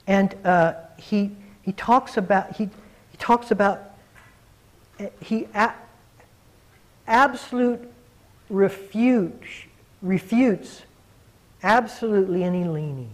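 A man who is a meditation teacher, giving a reflective, earnest dharma talk to a group and slowing down to stress key words. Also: high voice, low-quality recording.

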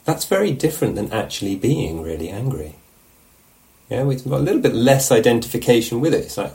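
A man teaching meditation, giving a relaxed, musing dharma talk at a retreat and often checking in with his listeners. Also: mid-range voice, brisk, low-quality recording. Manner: reflective, musing, asks questions of the listeners. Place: meditation hall.

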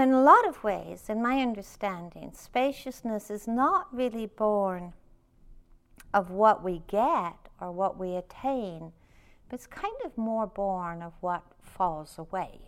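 Smooth-voiced woman giving a meditation talk. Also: on the low side. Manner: reflective, gently inviting. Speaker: meditation teacher. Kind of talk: dharma talk at a retreat.

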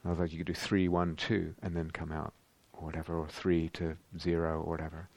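A man's voice: very deep voice, flat delivery, fairly quick, gravelly, a little mellow, no echo. A middle-aged man giving a dharma talk as a meditation teacher, reflective and searching, with frequent ums and rhetorical questions.

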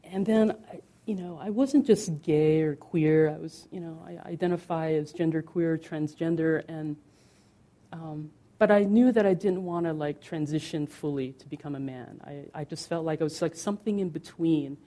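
A middle-aged woman from the United States gives a candid dharma talk as a meditation teacher. She talks conversationally with many fillers and slows down on key words. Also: low voice, mellow.

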